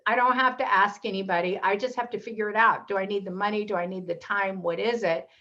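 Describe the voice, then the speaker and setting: A woman's voice: mid-range voice, fast talker. A woman speaks as a guest on an interview show, with a mid-range voice. She tells her stories with energy and acts out the voices of the people in them. The audio is dull and a little lo-fi. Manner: animated storyteller, acts out quoted voices. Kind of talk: casual interview storytelling.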